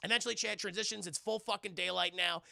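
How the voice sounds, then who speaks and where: High gravelly dude ranting thru a movie recap to chat, bright and punchy, dry mic. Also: male voice, fast talker, dry recording. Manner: animated, profane, talks to chat, acts out characters. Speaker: streamer reviewing a film. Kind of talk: casual scene-by-scene recap to a live chat.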